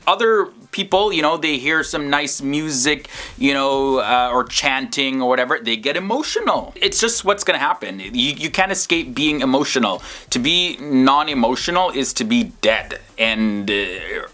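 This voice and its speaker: Bright-voiced man musing in commentary. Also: medium pitch. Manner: reflective, musing, frequent you knows. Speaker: reaction video host. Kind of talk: casual commentary.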